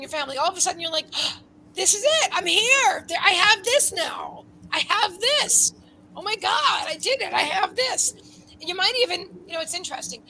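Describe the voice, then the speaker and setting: A woman giving a live psychic card reading, rambling and breaking off mid-sentence, with quiet murmured asides. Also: high-pitched, slight background noise, low-quality recording. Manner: rambling, self-interrupting, drops into soft asides. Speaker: psychic reader.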